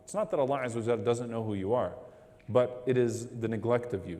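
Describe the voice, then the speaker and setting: Man, preacher, rapid explaining, mellow tone, echoing hall. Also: mid-range voice. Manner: quick, explanatory, reciting Arabic verses. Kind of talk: religious talk to a congregation.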